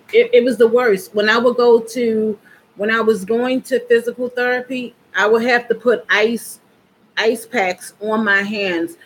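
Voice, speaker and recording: Slow-talking woman vlogger. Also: on the high side, a little hiss or hum, rough recording. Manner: chatty, addresses viewers directly. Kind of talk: casual vlog chat.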